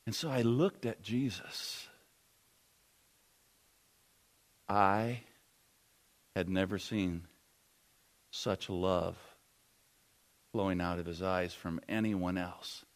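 A preacher playing the freed prisoner Barabbas, telling in first person in a low, near-whispered way. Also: male voice, slow pace, pauses often. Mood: awed, hushed. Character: Barabbas, released male prisoner, awed and humbled. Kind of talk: dramatized sermon retelling.

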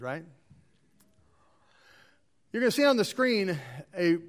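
A man preaching as pastor, moving between quiet asides and loud emphatic lines while leading a dedication. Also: fairly high pitch. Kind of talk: sermon and responsive reading.

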